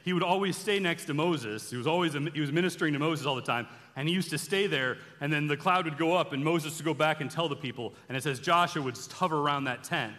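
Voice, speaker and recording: A man giving an animated sermon-style bible teaching, telling the stories casually and acting out the characters' lines. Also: fairly high pitch, fast talker, hardly any pauses. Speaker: preacher. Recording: long reverb from a large hall.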